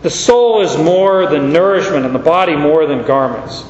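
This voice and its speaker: A pastor giving a conversational sermon, folksy, with homey asides and frequent restarts. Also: male voice, a little high, animated, normal speed. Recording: echoey hall, slightly dull sound.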